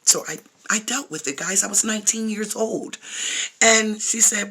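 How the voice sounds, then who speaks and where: A woman's voice: medium pitch, normal speed, bright, forceful tone, breathy edge. A woman telling her own story to her viewers in a casual vlog, blunt and emphatic, swearing freely. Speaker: vlogger.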